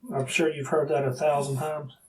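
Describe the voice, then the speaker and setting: A man, a police detective, asking steady, procedural questions in an interview room. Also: fairly high pitch, normal speed. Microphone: room recording device. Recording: distant room recording with faint hiss.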